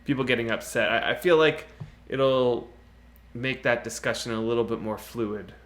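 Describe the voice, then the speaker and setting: A man's voice: medium pitch, steady tone, normal speed, a bit bright. A man chatting casually on a game live stream, rambling, laughing often and answering viewers' chat. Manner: laughs often, with many fillers like "you know".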